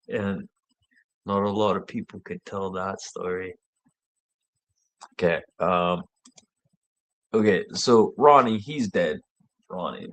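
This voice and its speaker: A man with a lowish voice hosts his own show, telling a long story off the cuff. He rambles and swears freely. He laughs often, and his voice leaps up high whenever he gets worked up. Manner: rambling and profane, laughing, voice jumping high when excited. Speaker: show host. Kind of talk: casual storytelling monologue.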